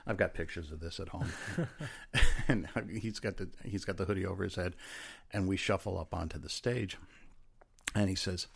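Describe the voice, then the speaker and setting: A man's voice: deep voice, fairly even intonation, normal speed, creaky, slightly rough. A man, a former police officer, telling a rambling story in a laid-back way, acting out what people said. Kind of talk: casual storytelling chat.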